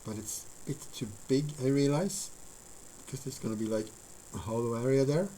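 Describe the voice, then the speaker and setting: This man speaks at a medium pitch and normal speed with a warm tone, though the low-quality recording has a little hiss or hum. He's live-streaming as he builds a model, chatting casually with viewers and thinking aloud in a rambling, filler-heavy manner.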